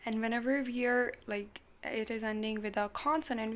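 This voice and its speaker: A woman's voice: on the high side, steady tone, moderate pace. A woman giving a casual online grammar lesson at home, explaining patiently with lots of "like" and "basically" and repeating her example phrases. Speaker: language teacher.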